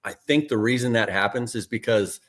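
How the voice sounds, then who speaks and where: Calm reflective man co-host. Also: mid-range voice, normal speed. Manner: calm, reflective, backchannels often. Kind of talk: casual interview chat.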